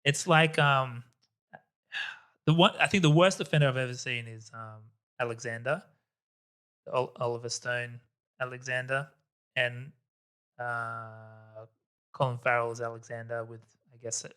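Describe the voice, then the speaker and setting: A man guesting on a podcast, chatting casually about films in an animated, opinionated way and laughing often. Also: mid-range voice, a little slow, pauses often, clean tone. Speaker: podcast guest, co-host of another podcast. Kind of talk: casual film chat.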